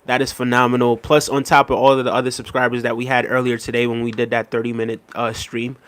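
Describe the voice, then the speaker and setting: A man hosting a casual livestream, reading out viewer comments and thanking them in a relaxed, easygoing way with soft laughs. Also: medium pitch, fast talker, no room sound. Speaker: livestream host. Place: New York City.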